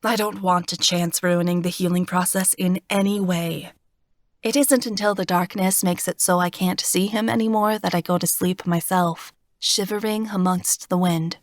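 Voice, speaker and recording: A woman reading a first-person fantasy audiobook in a steady, expressive storytelling voice, recorded on a close studio mic. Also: lowish voice, moderate pace, no room sound. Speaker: audiobook narrator.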